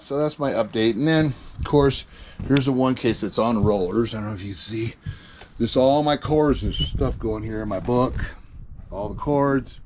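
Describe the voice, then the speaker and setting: In a noisy home video, a middle-aged solo gigging musician from the USA walks through his gear, rambling casually with many fillers, restarts and the odd swear word. He has a mid-range, slightly mellow voice.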